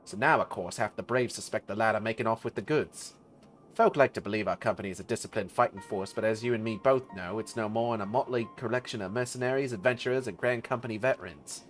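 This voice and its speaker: A man voicing a gruff veteran male mercenary officer, talking bluntly with rough slang. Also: fairly low pitch, fast, faint music behind, natural voice.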